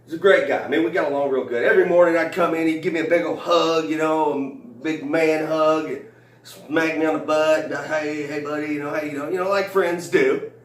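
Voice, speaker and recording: A man's voice: fairly high pitch, fairly quick. Rambling man telling stand-up stories. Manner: rambling, many fillers and restarts. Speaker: comedian. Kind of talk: stand-up storytelling. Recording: roomy, from a distance.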